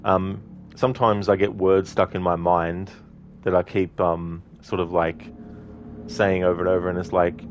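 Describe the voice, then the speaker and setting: A man's voice: sits low, little pitch movement, moderate pace, soft background music. A man giving casual, rambling commentary over a game playthrough, laughing often. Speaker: game streamer.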